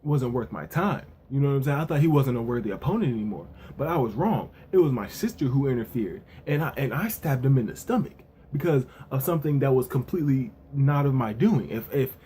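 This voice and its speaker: An anime and manga reviewer gives a relaxed, loose spoken recap in a fast, mid-range voice with hardly any pauses, over a little hiss or hum. He leans on fillers, repeats himself, and acts out characters' lines in a lightly raised voice.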